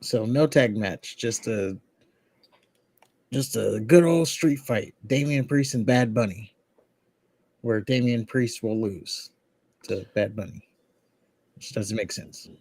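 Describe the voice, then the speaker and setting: A man's voice: on the low side, slow pace, long pauses, a little mellow, no room sound. Man casually recapping wrestling, dry sound. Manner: rambling recap with laughs and restarts. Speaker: podcast co-host.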